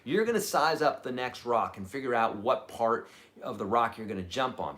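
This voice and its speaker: A middle-aged man teaching guitar on a live stream and answering viewers' questions. He talks in an animated, chatty way and keeps checking in with "okay?". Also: lowish voice.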